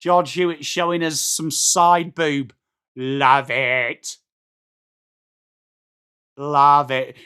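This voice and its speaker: His fairly high voice is pushed, bright, clear and resonant, with little pitch movement, and he speaks extremely slowly with long pauses. He's a middle-aged livestream host from England with an English accent, running a football watchalong where he chats to viewers by name, reads their messages and calls the play live.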